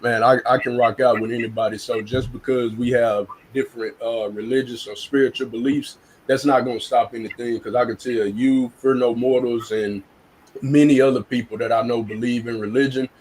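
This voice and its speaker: A man's voice: mid-range voice, steady tone, brisk, darkish tone, a little hiss or hum, low-quality recording. A man speaking bluntly and earnestly in casual live-stream chat, often restarting and repeating words.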